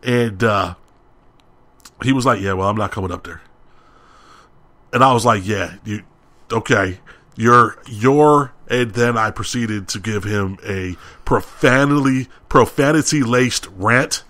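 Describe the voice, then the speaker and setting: A young man on a podcast, telling a heated story with loud, ranting quotes of what he said. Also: on the low side, unhurried. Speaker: podcast co-host. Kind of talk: casual storytelling.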